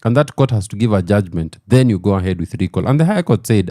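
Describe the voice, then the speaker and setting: A man's voice: on the low side, animated, quick pace, warm tone, no echo, studio quality. A Kenyan man hosting a radio talk show, explaining a legal ruling to listeners in a chatty, direct way. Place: radio studio.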